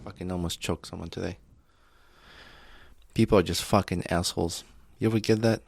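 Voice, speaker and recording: A man with a fairly low voice, co-hosting a casual beer podcast. He talks bluntly and swears offhandedly, recorded dry and close. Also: steady tone, brisk, vocal fry, breathy edge, no room sound. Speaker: podcast co-host. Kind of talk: casual banter over beer.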